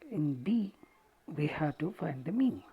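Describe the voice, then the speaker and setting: A woman's voice: sits low, sing-song, moderate pace, breathy edge, lo-fi sound. A woman explaining an English textbook exercise step by step, with frequent "see" and "so". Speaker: college English teacher.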